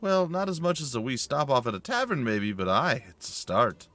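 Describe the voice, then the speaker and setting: Brief: grumpy older Scottish guy, complaining, pitched up, put on by a man. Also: big pitch swings, moderate pace, bright, forceful tone. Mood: grudging.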